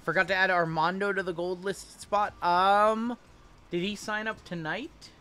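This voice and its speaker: A man hosting a live-stream card break, chatty and reading lists of names quickly. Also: sits high, fairly even intonation, bright, forceful tone, faint music behind.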